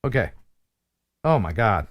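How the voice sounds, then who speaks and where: Lively, jokey male stream host. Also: on the low side, measured pace. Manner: jokey, rambling, laughs at himself; reads viewer mail aloud. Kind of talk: casual live-stream chat.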